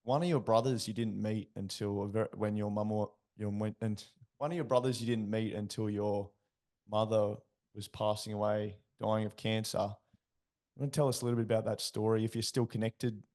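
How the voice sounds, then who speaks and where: A man's voice: lowish voice, steady tone, normal speed, dark tone. A man hosting a podcast, asking hesitant, conversational questions. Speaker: podcast host. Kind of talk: interview questions.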